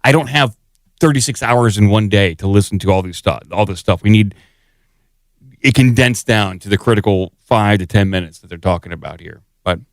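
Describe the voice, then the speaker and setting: A man co-hosting a podcast, talking loosely with plenty of fillers and asides. His voice sits lowish. The sound is dry and close. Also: brisk, no room sound. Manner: rambling, self-deprecating, many fillers. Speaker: podcast co-host. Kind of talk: casual podcast chat.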